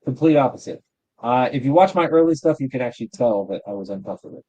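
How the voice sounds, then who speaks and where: A man's voice: mid-range voice, expressive, fast talker, mellow, dry recording, dull audio. A man chatting as a guest creator in a playful, upbeat way. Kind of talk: casual chat.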